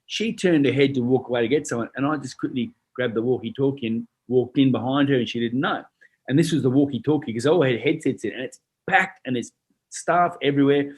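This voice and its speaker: An Australian man telling stories in a casual chat, animated and swearing freely, acting out the other people's voices. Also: mid-range voice, brisk, slightly rough. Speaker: guest, retired boxer. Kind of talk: casual storytelling.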